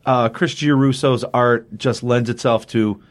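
Male co-host, mid-pitch, eager comic recap, rambling delivery. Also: steady tone, unhurried. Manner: enthusiastic, rambling with fillers and restarts. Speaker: comic book podcast co-host. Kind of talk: casual chat, recapping a comic.

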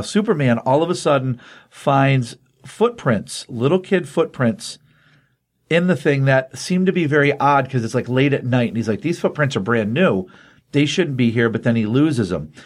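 A podcast co-host with a mid-range voice animatedly retells a comic's plot in a casual comic-book recap, acting out the dialogue and using many fillers.

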